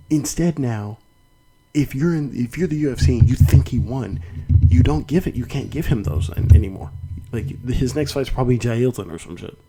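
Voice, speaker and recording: A man's voice: mid-range voice, dark tone, husky, rough recording. A young man hosting a solo fight podcast, talking casually and rambling with many restarts and some swearing. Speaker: podcast host.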